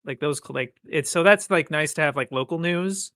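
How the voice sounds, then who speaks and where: Podcast co-host, male, bright and a bit high, rambling agreeable delivery, dry close mic. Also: moderate pace, no echo. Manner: rambling, restarts often, agreeable. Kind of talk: casual chat.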